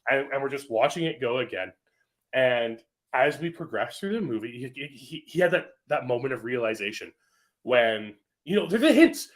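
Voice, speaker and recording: A man's voice: medium pitch, expressive, moderate pace. A young adult man co-hosting a movie podcast, talking with enthusiasm and quoting others. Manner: enthusiastic, quotes others in voices. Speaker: podcast co-host. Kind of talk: casual movie chat.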